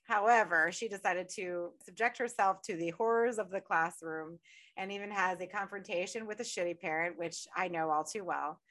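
A woman's voice: on the low side, normal speed. A woman from Upstate New York hosting a casual podcast, telling stories with lots of cursing and frequent laughter. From Utica, New York. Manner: profane, laughs often, animated storytelling. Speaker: podcast host.

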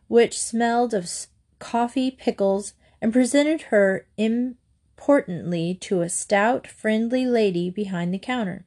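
A woman reading a children's book aloud in a steady, gentle storytelling manner. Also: medium pitch, a little slow. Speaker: reader.

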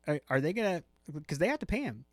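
A playful man co-hosting a sports podcast, his voice slightly high and bouncing through a wide pitch range. He teases and needles his co-host in easy banter, heard close and dry. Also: big pitch swings, fast talker, dry recording. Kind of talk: casual sports chat.

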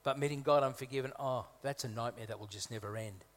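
A man's voice: mid-range voice, fast talker. Man preaching a sermon in a reverberant hall. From Malta. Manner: conversational, with humorous asides and emphatic repetition. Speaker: guest preacher. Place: church hall.

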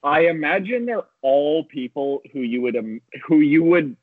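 A man who works at a coffee shop chatting casually, animated and quick to laugh. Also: on the high side, narrow, tinny audio, slight background noise. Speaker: Starbucks worker. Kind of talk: casual chat.

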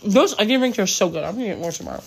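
A woman's voice: medium pitch, animated, racing, vocal fry, a little hiss or hum. Girl rambling about her trip, tons of "like", phone mic in a hotel room. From United States. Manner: chatty, rambling, many "like" fillers. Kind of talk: casual travel vlog chat.

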